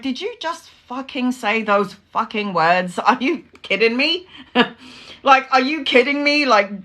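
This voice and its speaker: A middle-aged woman, a tarot reader telling stories in casual, animated chat and swearing freely. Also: mid-range voice.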